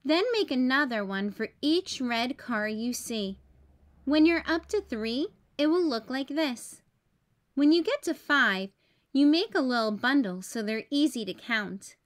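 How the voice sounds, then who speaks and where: Lady reading as a calm mom explaining stuff, slow and high, storybook read-aloud. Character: patient explaining mother.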